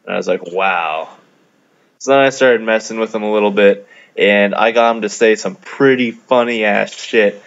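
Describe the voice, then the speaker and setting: A man's voice: fairly low pitch, moderate pace. A man from Canada casually recounting a game encounter, laid-back and amused, with lots of fillers. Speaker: gamer narrating a video. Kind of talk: casual storytelling over gameplay. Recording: dull lo-fi mic.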